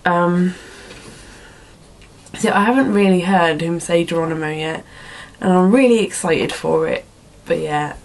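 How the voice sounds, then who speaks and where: A woman's voice: lowish voice, a little slow. A young woman chatting casually on her vlog, rambling and giggly, often laughing at herself. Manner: rambling and giggly, self-deprecating, with many fillers. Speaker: vlogger answering viewer questions. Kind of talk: casual chat.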